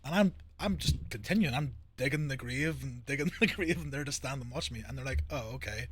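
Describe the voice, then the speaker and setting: A man's voice: medium pitch, quick pace, a bit bright, breathy edge. A man chatting casually about roleplay gaming, repeating words and ending points with "right?" and "you know?". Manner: rambling, repeats words, tag questions.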